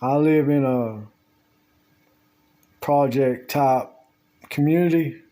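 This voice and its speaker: A man's voice: mid-range voice, dark tone. A man telling a long, meandering story about his day, casually, at home. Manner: slow, drawling, meandering storytelling with Southern US grammar. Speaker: vlogger. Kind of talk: rambling casual monologue. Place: at home with the door open.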